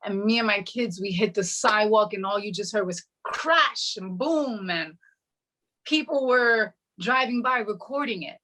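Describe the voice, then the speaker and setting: A middle-aged woman sharing her personal testimony in an interview, telling her story with animated energy and acting out what people said. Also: medium pitch, a little slow. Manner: animated, acts out quoted dialogue.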